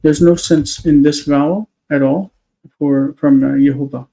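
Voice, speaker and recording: A man with a fairly high but mellow voice teaches on a live stream. He explains patiently, step by step, pausing on fillers as he thinks aloud. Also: steady tone, gravelly, poor audio. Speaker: Hebrew teacher.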